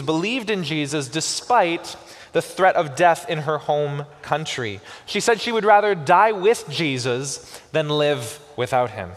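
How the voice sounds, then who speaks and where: A man preaching in a church sanctuary, his fairly high voice swinging through a wide, lively range. He slows down and lingers on key phrases for emphasis. The room gives his words a long, ringing reverb. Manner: expressive preaching with slow emphatic pauses. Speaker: pastor. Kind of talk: sermon.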